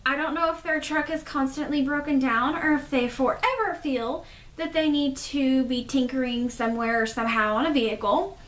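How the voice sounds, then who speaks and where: A woman's voice: high-pitched, normal speed, a bit bright, echoey room. A young woman hosting her podcast in a casual chat, a little stuffy from allergies, rambling with fillers. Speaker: podcast host.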